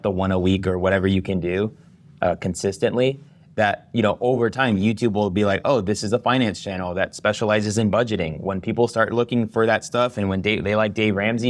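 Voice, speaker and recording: A man in his thirties, a podcast guest who teaches video, telling his story energetically with lots of "you know". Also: fairly low pitch. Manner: energetic, storytelling, many fillers. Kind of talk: casual interview chat.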